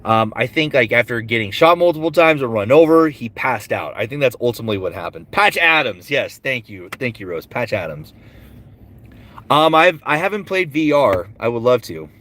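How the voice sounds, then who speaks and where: A man who is a voice actor and streamer, answering chat comments aloud in a relaxed livestream Q&A full of fillers. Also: medium pitch, moderate pace.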